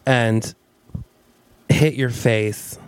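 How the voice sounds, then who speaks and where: A man co-hosting a comedy podcast, making wry, deadpan quips while improvising a story. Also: mid-range voice, extremely slow, clean tone, no echo. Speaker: podcast co-host.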